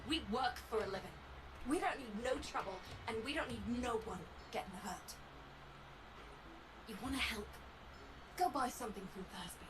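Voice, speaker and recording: An actress playing a guarded, protective female leader of workers, who speaks in a brisk, wary, blunt way. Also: fairly high pitch, animated, music in the background, close to an everyday voice, low-quality recording.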